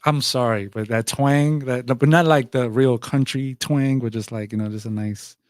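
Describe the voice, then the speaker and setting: A man's voice: medium pitch, steady tone, normal speed, dry recording. A man who works as a DJ, co-hosting a casual stream in a laid-back, playful way. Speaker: DJ and co-host. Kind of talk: casual chat.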